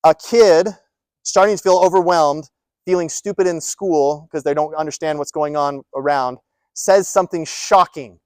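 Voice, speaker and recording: Man presenting to caregivers, high voice, emphatic, rhetorical questions, dry close sound. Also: fairly quick, no echo. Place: presentation room.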